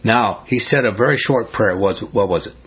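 A man with a lowish, husky voice leads a small Bible study. He talks in a conversational way, quizzing the group and retelling scripture in plain speech. The recording is muffled and lo-fi. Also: normal speed. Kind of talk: informal Bible study teaching.

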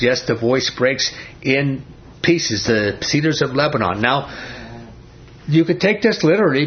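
A man preaching a sermon, emphatic, often repeating "I'm telling you" and putting questions to his listeners. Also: medium pitch. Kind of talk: sermon, Bible study. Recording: dull lo-fi recording.

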